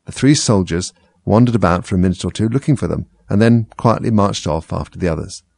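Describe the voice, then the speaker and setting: Gravelly low-voiced male storyteller. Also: brisk, no room sound. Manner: expressive, lively storytelling. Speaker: narrator. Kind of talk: storybook reading.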